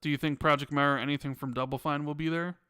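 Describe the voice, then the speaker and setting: A man co-hosting a casual podcast chat, reading out viewer questions, relaxed and teasing. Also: fairly high pitch, fast, clean tone.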